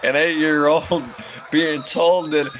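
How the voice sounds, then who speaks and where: A man's voice: a little high, little pitch movement, slow, a bit bright. Profane man in his thirties, laughing. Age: 30s. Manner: profane, laughs often between lines. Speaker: livestreamer. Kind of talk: casual storytelling.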